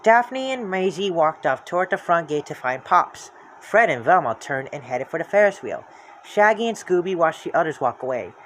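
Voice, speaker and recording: A storybook reader narrating a children's book aloud in a lively, expressive way. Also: mid-range voice, moderate pace, slight background noise.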